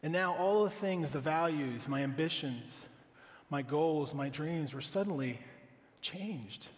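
A man's voice: a little high, measured pace, big-room sound. A man in his thirties, a pastor preaching a sermon in an earnest, conversational way, often asking the congregation questions.

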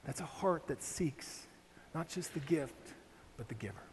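A man's voice: fairly high pitch, animated, a little slow, a little hiss or hum. A young man from Ohio preaching a sermon, telling a family story with frequent rhetorical questions to the congregation. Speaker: pastor. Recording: long reverb of a large hall, faint ambience.

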